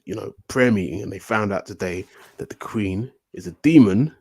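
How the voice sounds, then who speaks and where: Husky guy, lowish voice, slangy storyteller on a podcast chat. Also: moderate pace. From United Kingdom. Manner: animated, swearing, slangy storyteller. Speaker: podcast guest.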